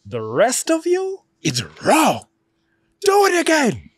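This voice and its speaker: A man's voice: extremely high pitch, wildly swooping pitch, slow, no echo, studio quality, voice pushed up, exaggerated voice. A man voicing a stern middle-aged drama teacher who barks demanding orders at his class. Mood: commanding. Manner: barking, demanding.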